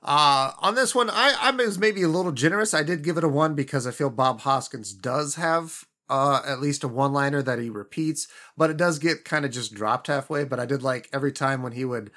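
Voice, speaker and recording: A man's voice: a little high, brisk, few pauses, pushed and bright. A man co-hosting a casual film-review podcast, upbeat as he explains his scores. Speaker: podcast co-host.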